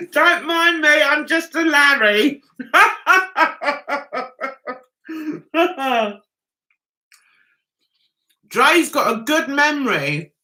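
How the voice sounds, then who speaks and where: Bright-voiced chatty English woman. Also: sits high, animated, very slow, pauses often. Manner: chatty, reads viewer comments aloud and answers them with frequent laughs. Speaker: livestream host. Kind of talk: casual livestream chat.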